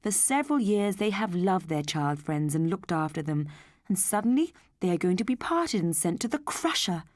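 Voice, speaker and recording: A woman voicing a kindly, thoughtful husband who speaks slowly. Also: on the low side, big pitch swings, no echo, studio quality. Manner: slow and thoughtful. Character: thoughtful kindly husband, middle-aged man.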